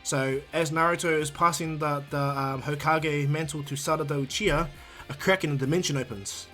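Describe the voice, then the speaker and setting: A man's voice: fairly high pitch, fairly even intonation, moderate pace, fairly bright tone, soft background music. A man casually narrating a fan-made anime story for his channel, rambling, restarting words and adding "you know". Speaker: YouTube storyteller.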